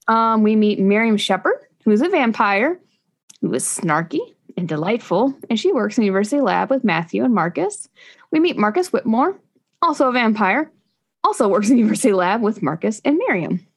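A woman co-hosts a laid-back book review podcast, her voice sitting at an ordinary middle pitch. She talks in a chatty, rambling way. Laughter slips into her talk often. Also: gravelly. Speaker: podcast co-host. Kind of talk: casual chat book review.

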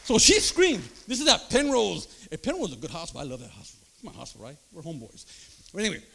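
Gravelly, animated preacher telling a testimony. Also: male voice, a little high, rapid-fire, slight background noise. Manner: animated storytelling, acts out voices. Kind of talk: sermon testimony.

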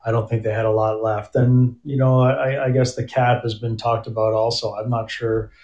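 A man's voice: mid-range voice, little pitch movement, normal speed, a little mellow. Man talking hockey in a roomy, muffled recording. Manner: conversational, frequent restarts and fillers. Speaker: hockey coach as guest. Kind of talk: casual sports interview. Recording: roomy, dull remote audio.

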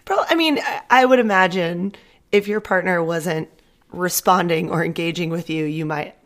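A woman's voice: lowish voice, normal speed. Playful woman reacting in chat. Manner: playful, brief reactions, laughs. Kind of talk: casual chat.

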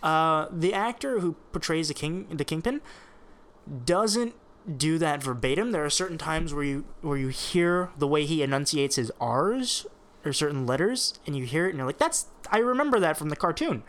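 Casual male co-host, slightly higher register, animated and profane. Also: normal speed. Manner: animated, swears freely, many restarts. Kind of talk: casual chat reviewing a TV show.

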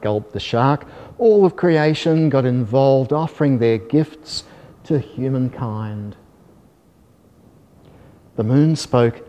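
Reading a children's storybook, a man uses a soft, gentle, measured delivery at medium pitch with lively intonation. His tone is mellow and dark, and every phrase is followed by a long hall reverb.

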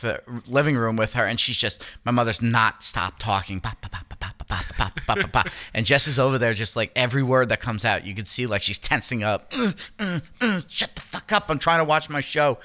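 A man co-hosting a casual podcast, telling a profane story and acting out other people's lines. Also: medium pitch. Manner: profane, animated, acts out quotes. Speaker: podcast co-host.

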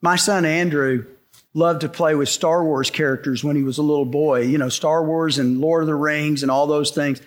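Male pastor, middle-aged, emphatic sermon delivery, repeats key phrases, fairly high voice. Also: steady tone, normal speed. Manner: emphatic, repetitive preaching. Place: church sanctuary before a congregation.

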